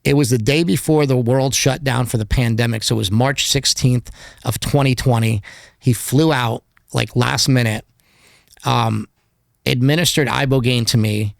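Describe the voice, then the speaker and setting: A man's voice: medium pitch, steady tone, normal speed, creaky, dry recording, studio quality. A man speaking as a podcast guest in casual interview talk, candid and rambling, with lots of filler words. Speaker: podcast guest, documentary filmmaker.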